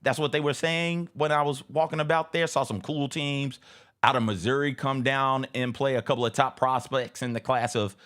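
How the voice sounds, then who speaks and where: A man's voice: medium pitch, normal speed. A man co-hosting a radio show, telling a story in casual chat with restarts. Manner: lively, animated, with frequent restarts and laughs.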